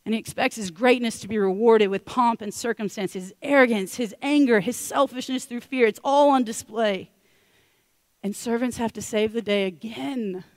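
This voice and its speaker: Woman preacher, animated storyteller, casual slang, close dry mic. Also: fairly high pitch, moderate pace, no echo. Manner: lively storytelling, acting out characters with casual slang. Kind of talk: sermon. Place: church.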